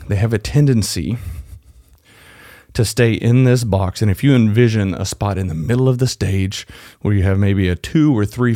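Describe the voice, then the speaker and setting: A man's voice: on the low side, dark tone, no echo, studio quality. A man from Texas with a Texan accent, hosting a solo podcast and coaching listeners directly in a conversational way. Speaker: podcast host. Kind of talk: solo podcast tips talk.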